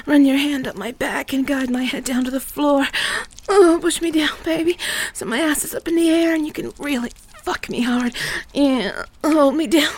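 A woman hosting a guided erotic audio fantasy, talking in a breathy, moaning voice that often drops to a whisper, on a studio microphone. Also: sits high, moderate pace. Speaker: host of an adult audio show.

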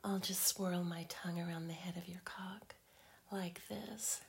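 A woman in a whispered role-play as a girlfriend, teasing in slow, breathy whispers broken by soft hums. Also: fairly low pitch, fairly even intonation, a little hiss or hum.

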